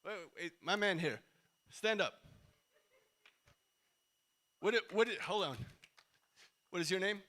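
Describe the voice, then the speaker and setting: A man's voice: sits high, slow pace, long pauses, pushed and bright. A man giving a casual, engaging talk to a crowd in a large indoor hall, asking the audience questions. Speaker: company CEO speaking at event.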